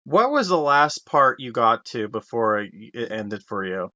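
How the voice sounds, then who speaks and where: A man co-hosting a casual podcast, teasing his co-host and retelling plots with animated voices. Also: mid-range voice, unhurried, no room sound. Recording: dull lo-fi dry mic.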